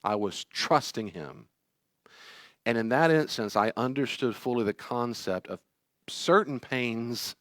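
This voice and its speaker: A man's voice: medium pitch, expressive, unhurried, fairly bright tone, no echo, studio quality. A middle-aged man, a therapist teaching a class, telling personal stories in an earnest, pleading way. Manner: earnest, pleading, acts out quoted voices.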